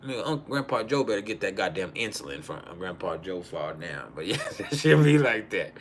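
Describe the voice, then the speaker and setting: A man hosting a live stream, telling rambling, profane comedic stories in an animated way. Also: deep voice, fairly quick, a little hiss or hum.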